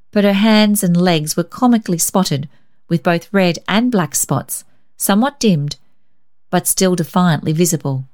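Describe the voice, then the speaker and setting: A woman narrates an old children's story in a fairly low voice. Her reading is measured and gentle, with clear, steady phrasing. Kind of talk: scripted narration.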